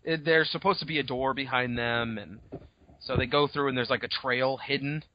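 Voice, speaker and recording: A man co-hosting a podcast, retelling a story in a casual, profane, animated way on dull lo-fi audio. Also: medium pitch, normal speed, slight background noise. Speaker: podcast co-host. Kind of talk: casual chat.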